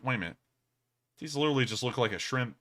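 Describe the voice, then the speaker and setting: A man's voice: mid-range voice, expressive, fast, a bit bright. A young man hosting a casual livestream, thanking donors with laughter and rambling asides. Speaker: livestream host.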